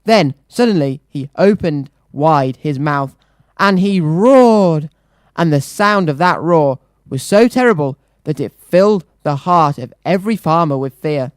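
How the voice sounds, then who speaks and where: A children's radio presenter reading a storybook aloud with a lively, rhythmic swing. The voice sits in a middle pitch. The sound is close and dry, with no room echo. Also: moderate pace, hardly any pauses. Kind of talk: reading a picture book aloud.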